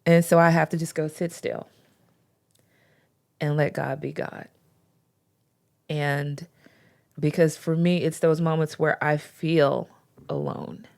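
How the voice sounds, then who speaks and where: A woman's voice: low voice, flat delivery, slow, creaky, long pauses, darkish tone. A woman talking earnestly about faith in a casual podcast chat, with informal slang. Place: podcast recording.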